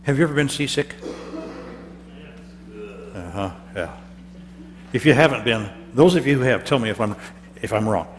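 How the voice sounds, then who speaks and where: Theatrical pastor in a reverberant church. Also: male voice, mid-range voice, expressive, normal speed, pauses often. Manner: theatrical, chatty, with stammered repeats. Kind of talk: first-person character sermon. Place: church hall. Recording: church hall reverb with faint hum.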